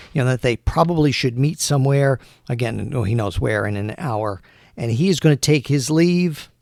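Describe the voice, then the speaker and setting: A man narrating a solo tabletop game, thinking aloud with many pauses. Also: mid-range voice, gravelly, a little mellow, no room sound, studio quality.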